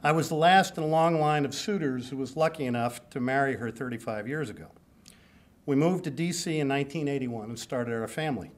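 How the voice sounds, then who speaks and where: A man's voice: mid-range voice, fairly quick. A man in his sixties giving a hall of fame acceptance speech at a banquet, joking, self-deprecating and rambling.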